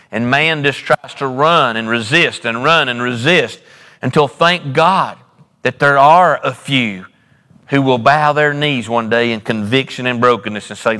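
Pastor guy preaching, repeats himself a lot, goes loud then quiet, big echoey church. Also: medium pitch, measured pace. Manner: preacherly, repetitive, rises and drops dramatically. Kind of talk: sermon. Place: church sanctuary.

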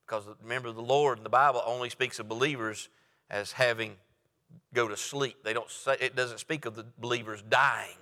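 A man's voice: medium pitch, fairly quick, pushed and bright. A man preaching a sermon in a folksy way, repeating phrases and acting out the dialogue of the story. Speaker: pastor. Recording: long hall reverb.

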